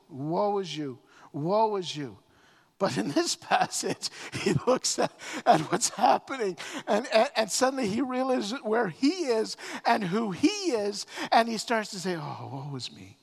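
A man's voice: high voice, husky. Preaching man in a reverberant hall. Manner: repeats words when starting phrases, rises and falls sharply in emphasis. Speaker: pastor. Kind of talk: sermon.

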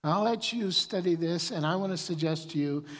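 A man preaching a sermon as pastor, animated, often repeating words as he starts a sentence. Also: fairly high pitch, moderate pace, long reverb tail.

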